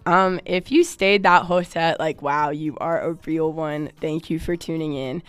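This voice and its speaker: A young woman radio DJ with a hoarse voice, signing off her show in a laid-back way with lots of "um"s. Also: low-pitched, steady tone, moderate pace, few pauses, dry recording. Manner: laid-back, frequent "um" fillers. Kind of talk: casual on-air sign-off. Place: radio studio.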